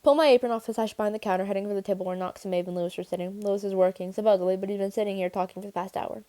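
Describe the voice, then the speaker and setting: A woman reading a first-person young adult novel aloud, steady and clear, with the odd restart. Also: medium pitch, racing. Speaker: audiobook reader. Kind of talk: first-person audiobook narration.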